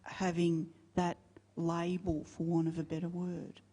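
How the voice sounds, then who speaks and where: Woman, audience questioner, slow, mellow tone, hesitant. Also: lowish voice, monotone, breathy edge. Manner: hesitant, searching for words. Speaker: audience member asking questions.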